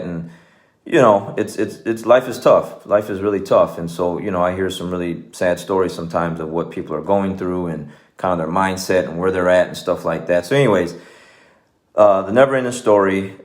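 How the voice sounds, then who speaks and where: A man, a martial arts coach, talking casually and earnestly to his viewers, rambling with many fillers and restarts. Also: low-pitched. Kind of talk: casual talk to camera.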